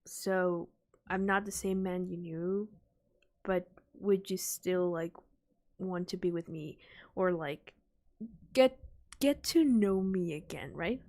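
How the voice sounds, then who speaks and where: Slow-talking young woman streamer. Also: lowish voice. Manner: rambling, many fillers, soft sighs. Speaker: streamer reacting to music. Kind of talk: casual reaction chat.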